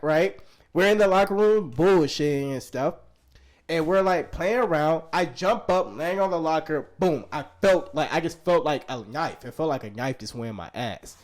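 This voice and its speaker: A young man in his twenties, co-hosting a podcast, telling a story in casual, profane slang and laughing often. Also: a little high. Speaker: podcast co-host.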